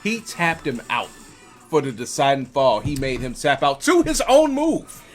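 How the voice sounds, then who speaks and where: A man's voice: medium pitch, big pitch swings, measured pace, faint music behind. A man from Missouri co-hosting a podcast, explaining pro wrestling in a rambling, casual way, full of fillers. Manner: rambling explainer, lots of likes and ums. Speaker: podcast co-host.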